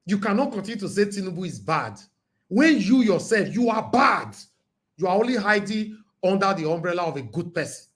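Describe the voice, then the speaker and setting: A Nigerian man hosting a live call-in show, talking emphatically and preachily, with his voice going hoarse. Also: sits high. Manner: emphatic and preachy, loud bursts. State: losing his voice. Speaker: host.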